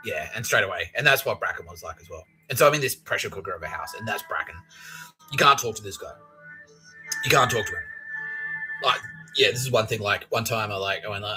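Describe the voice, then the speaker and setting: Profane bright-voiced male podcast storyteller. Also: on the low side, fast talker, soft background music, rough recording. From Australia. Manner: profane, rambling, mimics people in exaggerated voices. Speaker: podcast host. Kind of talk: comedic storytelling monologue.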